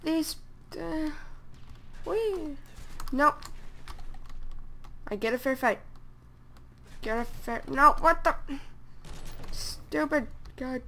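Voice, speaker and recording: Excitable woman gamer, slow-talking. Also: high voice, vocal fry, a little hiss or hum. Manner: excitable, exclaims and grumbles at opponents. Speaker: gameplay commentator. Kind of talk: casual gameplay commentary.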